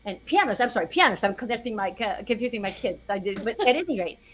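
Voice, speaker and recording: A woman in her sixties from Virginia, a music historian interviewed as a guest, telling her story in a lively conversational way and acting out the voices of people she quotes. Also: mid-range voice, fast, a little hiss or hum. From Virginia, USA. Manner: animated storyteller who acts out quoted dialogue.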